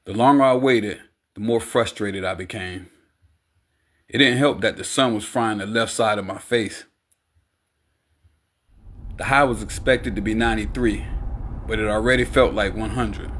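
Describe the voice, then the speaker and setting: A man reading an audiobook aloud in a steady, unhurried narration. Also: fairly low pitch. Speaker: audiobook reader.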